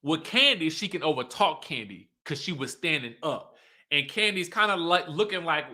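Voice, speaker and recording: Sassy high-voiced man hosting a live recap. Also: moderate pace. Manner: sassy and animated, laughs often; talks straight to viewers, reads their comments aloud. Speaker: YouTube host recapping a reality show. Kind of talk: livestream recap commentary.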